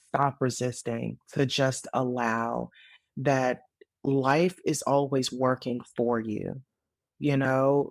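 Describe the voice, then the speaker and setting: A woman in her late thirties, a podcast guest, telling her story in casual conversation, earnest and animated with frequent fillers. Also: very deep voice, no room sound, clean studio sound. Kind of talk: casual interview testimony.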